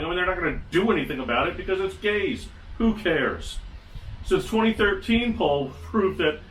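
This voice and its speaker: A man with a bright, forceful voice rides along on a sarcastic, casual solo commentary, full of wry asides. His pitch sits a little high for a man. He sounds set back from the microphone in an echoey room. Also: slight background noise. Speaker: podcast host. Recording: echoey room, mic at a distance.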